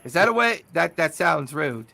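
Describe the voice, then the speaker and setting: Guy playing a gravelly cockney mouse cleric, chatty and cheeky, voice bouncing all over. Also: a little high, very animated, normal speed, pushed and bright, full character voice. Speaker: game master. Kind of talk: voicing a character in a tabletop game.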